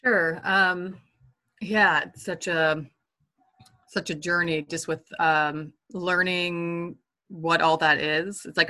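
A woman's voice: sits low, pushed and bright. A woman guest in a casual chat, speaking hesitantly and thoughtfully, with frequent ums. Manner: hesitant, thoughtful, filler-heavy.

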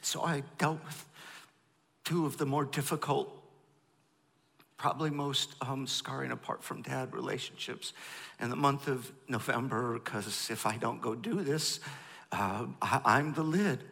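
Man, 50s, pastor, sermon storytelling, gravelly, long reverb in a church hall. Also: mid-range voice, a little slow. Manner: candid, animated storytelling, acts out dialogue.

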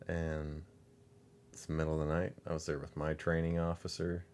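A man's voice: extremely low pitch, completely flat delivery, moderate pace, darkish tone, a little hiss or hum. A man in his thirties co-hosting a podcast, telling stories in a laid-back way with dry humor. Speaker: podcast co-host. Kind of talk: casual chat.

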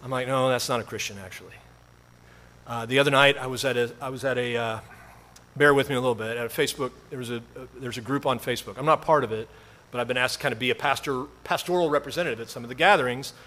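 A man's voice: mid-range voice, steady tone, very fast, pushed and bright. A male pastor preaching a sermon in a conversational storytelling way, with self-deprecating humor.

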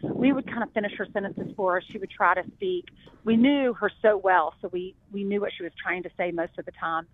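A woman's voice: mid-range voice, fairly quick, no room sound. Woman from South Carolina on tinny line. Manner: earnest, heartfelt, rambling with restarts. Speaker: guest, TV news anchor. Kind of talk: emotional personal storytelling. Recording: dry, tinny phone-like line.

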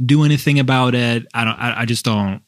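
Halting man with a dry sound. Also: medium pitch, dry recording. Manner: halting, many restarts and fillers. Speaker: husband in a couple's talk. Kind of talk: casual conversation.

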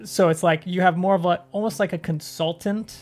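A man talking as a guest on a casual podcast, chatty and quick to laugh. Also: sits high, fairly even intonation, a little mellow, soft background music.

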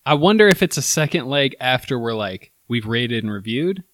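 A laid-back man tasting candy with a friend in casual chat. He has a mid-pitched voice and drops dry little jokes. The recording is close and dry. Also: expressive, moderate pace, fairly bright tone, dry recording.

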